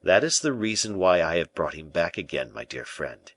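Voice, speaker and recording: A cool, unflappable schemer, read by a man, laying out commands with quiet self-possession. His voice is deep, and the close recording is dry. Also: moderate pace, no room sound, exaggerated voice. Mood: confiding, stern. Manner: calm, smooth, persuasive. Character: cool, scheming male musketeer-bishop. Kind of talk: audiobook character reading.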